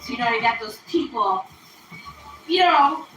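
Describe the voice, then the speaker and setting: A woman's voice: a little high, animated, a little slow, a bit bright, a little hiss or hum. A woman hosting a casual home cooking stream, chatty and giggly and laughing often, in an echoey kitchen. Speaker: cooking show host. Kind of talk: casual cooking livestream chat.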